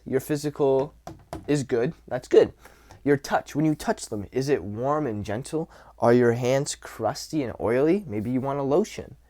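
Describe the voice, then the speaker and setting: A man's voice: medium pitch, a little mellow. A young man giving casual dating and self-improvement advice, talking loosely with fillers and restarts. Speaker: dating and social skills coach. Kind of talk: casual advice talk to camera.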